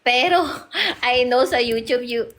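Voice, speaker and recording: A woman's voice: a little high, a little slow, a bit bright, rough recording. A woman with a Filipino accent, a mother speaking as a guest in a casual interview, hesitant and apologetic with many fillers.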